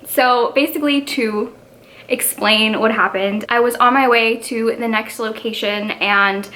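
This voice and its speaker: A woman's voice: on the high side, fairly even intonation, a little slow, sharp tone. A woman in her twenties chatting casually to camera as a book vlogger, rambling and peppering her talk with fillers. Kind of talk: casual vlog.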